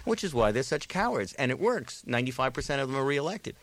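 A man's voice: medium pitch, big pitch swings, fast, a bit bright. A man playing a cynical, self-serving state legislator in an on-air role-play, blunt and wheeling-dealing. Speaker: political analyst.

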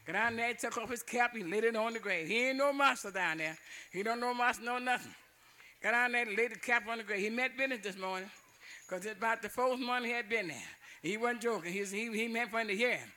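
A man's voice: very high-pitched, fast talker, bright, forceful tone. Older man telling a folk tale. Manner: chuckling, dialect-rich, repetitive. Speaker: storyteller.

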